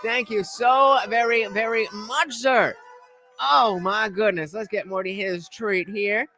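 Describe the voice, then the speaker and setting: A man hosting a live stream, reacting to a clip and excitedly thanking donors, sometimes breaking into shouts. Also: high voice, slow pace, soft background music. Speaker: livestream reaction host. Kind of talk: casual live-stream chat.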